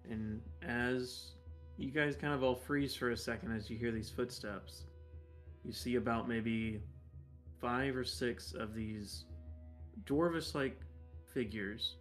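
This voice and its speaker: A man running a tabletop game as game master, narrating the scene in a relaxed, conversational way. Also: mid-range voice.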